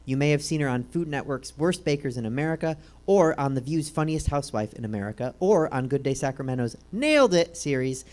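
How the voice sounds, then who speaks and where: A woman's voice: low voice, animated, brisk, hardly any pauses, a little mellow. A woman hosting a comedy talk show, joking in a dry way and introducing guests.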